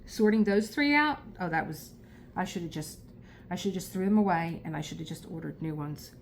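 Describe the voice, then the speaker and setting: South philly lady rambling on while she crafts, kinda low voice, laughs a lot. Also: brisk, vocal fry, a little hiss or hum. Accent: South Philadelphia. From Philadelphia, USA. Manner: rambling, chatty, laughs often. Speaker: crafting vlogger. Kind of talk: casual chat while crafting.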